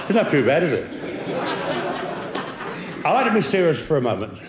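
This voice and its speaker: A man giving an after-dinner comedy speech as guest of honour at a lunch, delivering deadpan one-liners and chuckling at his own jokes. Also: fairly high pitch, moderate pace, a loud crowd. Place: lunch banquet hall. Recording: echoey hall, laughing audience, background noise.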